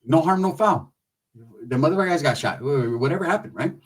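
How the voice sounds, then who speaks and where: A man telling a story from his own life in casual, profane street slang, animated as he goes. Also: on the high side, a little fast, slightly rough, distant mic, low-quality recording.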